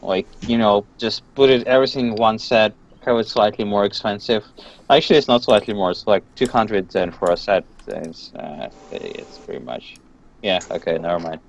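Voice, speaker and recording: A man's voice: lowish voice, moderate pace, gravelly, highs cut off. A man in a casual podcast chat, musing aloud and trailing off as he reconsiders mid-thought.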